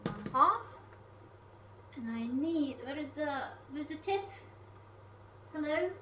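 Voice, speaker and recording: High-pitched bright woman streamer, off-mic. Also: lively intonation, takes it slowly, recorded from a distance, background noise. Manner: rambling, swears often, talks to her food and chat. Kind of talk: casual live-stream chatter while cooking. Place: home kitchen.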